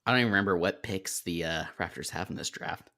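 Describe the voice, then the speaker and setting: A man co-hosting a casual sports podcast, animated and jokey, bringing in comments from the live chat. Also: deep voice, fast talker. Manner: animated, jokey, laughs at his own points.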